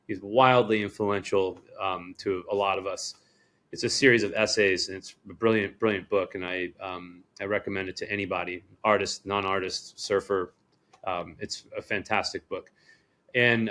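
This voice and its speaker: A middle-aged man from Rhode Island, a surf shop owner, telling a story as a podcast guest in a casual, rambling way, acting out the people he quotes and swearing freely. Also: low-pitched. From Rhode Island, United States. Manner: rambling, animated quoting, frequent swearing.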